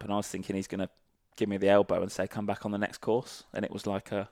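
Gravelly man swapping army stories. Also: on the low side, level tone, fast talker, a little mellow, dry recording, clean studio sound. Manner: salty, sweary anecdotal storytelling. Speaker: guest, former army sniper. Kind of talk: casual podcast interview.

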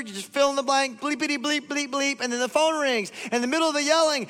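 High-voiced pastor preaching in a reverberant hall. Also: male voice, fast talker, hardly any pauses, clear, resonant tone. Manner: animated, acts out quoted voices; conversational, addresses the congregation directly. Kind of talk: sermon. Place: church auditorium.

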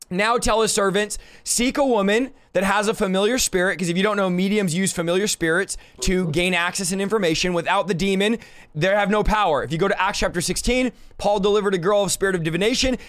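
Fervent high-voiced man preaching. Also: a little fast, fairly bright tone. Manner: fervent, exhorting the listener directly. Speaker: podcast host. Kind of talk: preaching Bible teaching.

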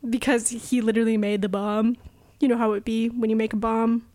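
A woman's voice: a little high, flat delivery, fairly quick, darkish tone. A young woman co-hosting a podcast, recapping a movie in a rambling, giggly way, swearing freely. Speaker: podcast co-host. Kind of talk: casual comedic movie recap.

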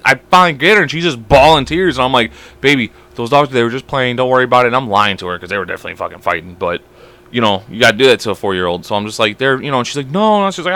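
Fast-talking young man, bright and dry. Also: mid-range voice, no room sound. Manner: fast, animated storytelling with lots of swearing. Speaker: podcast co-host. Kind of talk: casual podcast chat.

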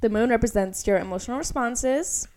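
A woman's voice: a little high, a little fast, darkish tone. Chatty young woman, filler-heavy. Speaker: podcast co-host. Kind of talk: casual chat, reading an astrology chart aloud.

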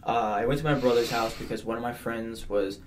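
A man's voice: medium pitch, brisk, background noise. A young man on a casual podcast, telling a long story with a lot of animation, quoting people in changing voices and laughing often. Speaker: podcast guest.

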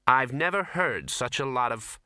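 A man voicing a sharp, skeptical young woman who talks briskly. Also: mid-range voice, lively intonation, no room sound, clean studio sound.

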